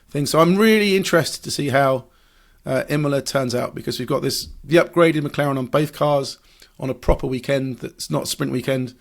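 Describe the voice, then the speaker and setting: Male motorsport pundit, mid pitch, gravelly texture, analytical podcast delivery. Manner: analytical, explanatory, with restarts and fillers. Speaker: motorsport journalist. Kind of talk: podcast discussion.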